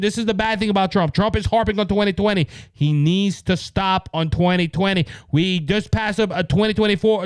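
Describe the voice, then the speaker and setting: A man's voice: high voice, smooth, dry recording. A man with a Cajun Louisiana accent hosting a political commentary podcast, talking in a heated, repetitive way that rises to exasperation. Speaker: podcast host.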